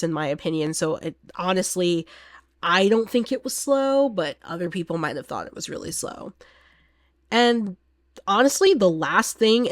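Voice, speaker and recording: A chatty woman speaks in a casual vlog review of a horror film. Her voice sits a little high, and she keeps the delivery animated and loose, laughing often. The sound is close and dry, with no room echo.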